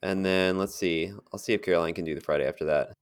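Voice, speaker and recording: A man's voice: low-pitched, steady tone, fast, clear, resonant tone. A man co-hosting a podcast in casual chat, rambling and chatty, laughing at his own stories. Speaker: podcast co-host.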